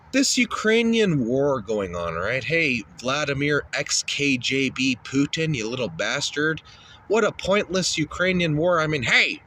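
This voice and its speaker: A man's voice: fairly high pitch, sharp tone. A man hosting a shock-humour comedy show, ranting crudely and insulting people.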